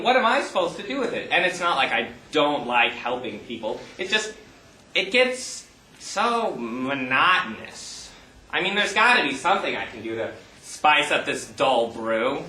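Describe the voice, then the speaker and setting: A man plays a clever, jaded analyst on an amateur stage, his fairly high, bright voice musing aloud in a mock-formal way. The echoey hall sound carries his lines. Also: far from the mic, slight background noise, heavily acted. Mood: bored. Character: bored clever male analyst, scheming and smug. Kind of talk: amateur stage play acting.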